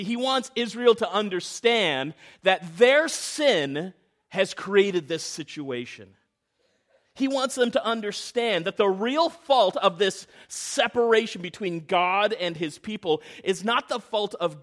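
High-voiced animated male preacher. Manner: animated, swings from hushed to loud. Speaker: pastor. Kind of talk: sermon with personal storytelling.

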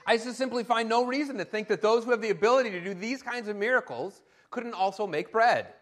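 A man preaching a sermon in an animated, emphatic way, with occasional fillers. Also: high voice, fairly quick.

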